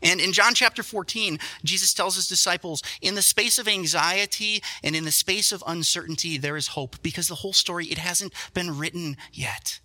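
Bright-voiced animated male preacher. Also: sits high, normal speed, hardly any pauses. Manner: animated storytelling, self-deprecating asides. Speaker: pastor. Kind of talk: sermon.

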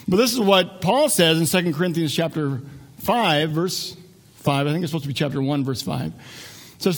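A man's voice: fairly high pitch, brisk. A man preaching a sermon as a pastor, conversational and joking, often restarting his sentences.

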